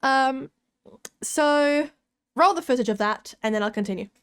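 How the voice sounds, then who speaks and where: Excitable young woman vlogger, high-pitched. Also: measured pace, slight background noise. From Italy. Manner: excited, breathless, laughs often and restarts sentences. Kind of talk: casual storytelling to camera.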